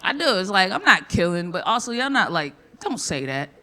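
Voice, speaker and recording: A woman performing a live stand-up set on a comedy club stage, brash and profane, with sudden loud outbursts. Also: mid-range voice, very animated, a little fast.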